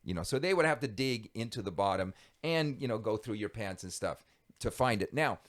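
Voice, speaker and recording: Lively man recounting a story. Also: fairly low pitch, brisk. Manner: animated, lively storyteller who laughs easily. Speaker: guest telling his life story. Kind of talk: conversational storytelling.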